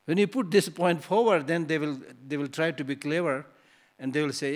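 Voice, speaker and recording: This man's voice sits on the high side and moves a little fast. He's a Buddhist teacher delivering a dharma talk in a hall, chatty and playful, posing one rhetorical question after another.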